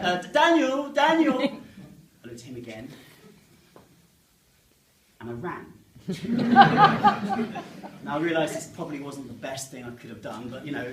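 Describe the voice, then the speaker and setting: Roomy, bright-voiced comedian on stage. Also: male voice, medium pitch, a little hiss or hum. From England, Medway Towns in Kent. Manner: chatty, self-mocking, jokes with the audience. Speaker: stand-up comedian. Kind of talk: stand-up comedy to a live audience. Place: live comedy room with an audience. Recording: roomy sound, mic at a distance.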